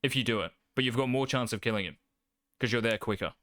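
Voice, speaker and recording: A young man talks through gameplay as a coach, brash and sure of himself, swearing freely. His voice is bright and forceful, crisp and smooth, and it sits close and dry with no room around it. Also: medium pitch, quick pace, no room sound. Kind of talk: casual gameplay coaching commentary.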